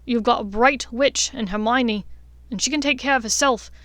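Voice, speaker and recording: A woman's voice: on the high side, moderate pace, fairly bright tone, dry recording, lightly acted. A woman voicing a kindly middle-aged wizard father with a thick brogue accent, fatherly and emphatic.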